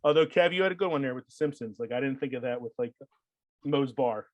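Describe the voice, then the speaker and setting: A man's voice: mid-range voice, fast, darkish tone, dry recording, low-quality recording. A man hosting a casual podcast chat, rambling with lots of fillers and frequent laughs. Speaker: podcast host.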